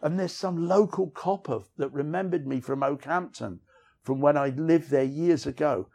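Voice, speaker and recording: Gravelly middle-aged man telling his story. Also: fairly high pitch, moderate pace, a little mellow. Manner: rambling, frank, full of "you know what I mean". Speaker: interview guest, writer. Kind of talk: candid personal storytelling.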